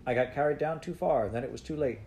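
A man's voice: mid-range voice, fast, warm tone, slight background noise, voice pushed up, close to an everyday voice. A man voicing a blunt young goatherd boy who answers in short clipped phrases.

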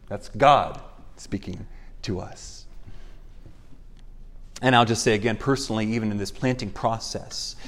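A man preaching a sermon as pastor of a church, earnest and emphatic, slowing down to stress key phrases. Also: fairly low pitch.

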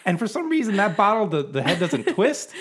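A man's voice: sits high, very animated, brisk, crowd noise. A man co-hosting a podcast in casual chat, rambling, teasing and swearing freely. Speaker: podcast co-host.

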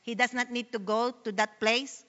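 On a muffled recording with a long reverb tail, a Filipino-accented woman from the Philippines, speaking as a Bible study speaker, reads scripture and then earnestly explains it in a sermon. Her slightly high voice is steady in tone, pushed and bright, at a moderate pace.

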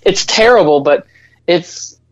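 A man's voice: high-pitched, animated, takes it slowly, no echo, lo-fi sound. A young man as a podcast guest, easygoing in casual chat and leaning on fillers. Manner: easygoing, many "you know" fillers.

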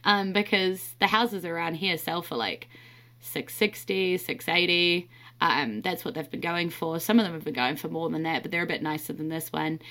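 A woman's voice: fairly low pitch, normal speed, bright, forceful tone. A young woman from New Zealand with a New Zealand accent, hosting her podcast in a chatty, candid monologue with frequent laughs. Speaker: podcast host.

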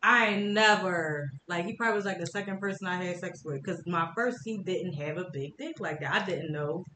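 Woman just spilling a story on a podcast, bright voice, echoey room, faint rumble. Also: fairly quick. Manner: candid, teasing. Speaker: podcast co-host. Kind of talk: casual chat.

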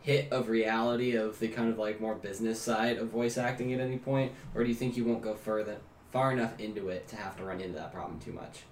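A man's voice: fairly low pitch, steady tone, fast talker, hardly any pauses. A man co-hosting a podcast, asking long and thoughtful questions. His voice rings in a roomy, echoing space, with faint noise under it. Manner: asks long, probing questions. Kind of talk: casual interview chat. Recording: echoey room with faint noise.

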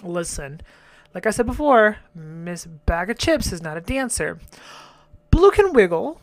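A woman's voice: lowish voice, expressive, a little slow, dry recording. A young woman chatting casually as she reacts to a TV show, often swearing and laughing as she goes. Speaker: reaction vlogger.

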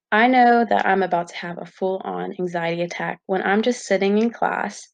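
A woman's voice: medium pitch, a little mellow, no echo, highs cut off. A young woman vlogging to her viewers in a candid, chatty way with lots of fillers. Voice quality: gravelly fry. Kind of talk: casual talk to camera.

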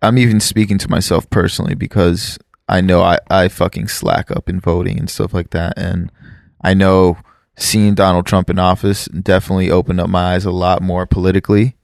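A man's voice: sits low, flat delivery, fairly quick, gravelly, no room sound, studio quality. A man who immigrated to the US, chatting casually and rambling, correcting himself and swearing offhand. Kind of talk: casual podcast chat.

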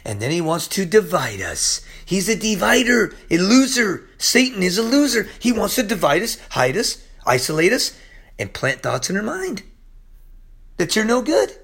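A man delivers a sermon in a high, wildly swinging voice. He is impassioned, laughs often mid-sentence, and lurches from near-whispers to yelling. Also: very animated, moderate pace, husky. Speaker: pastor.

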